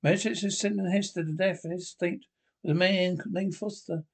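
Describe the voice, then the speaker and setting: A man's voice: sits high, steady tone, normal speed, gravelly. A frightened young wife , played by a man, pleads in a raised, urgent voice. Her words come anxious and insistent, full of dread. It sounds like an old radio play. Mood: urgent fear.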